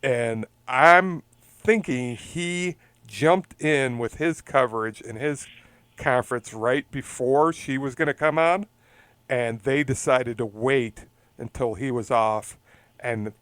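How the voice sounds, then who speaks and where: A man co-hosting a casual podcast talk show rambles through a long story, laughing along the way. His mid-range voice is smooth, clear and a bit bright, recorded close and dry with no room sound or echo.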